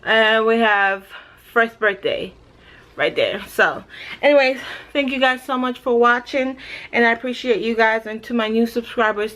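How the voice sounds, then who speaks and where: A woman from Jamaica, in her thirties, talks casually to the camera in a pregnancy update vlog. Her voice sits fairly high. She keeps the chat light with playful, self-mocking asides. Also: fairly bright tone. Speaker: vlogger.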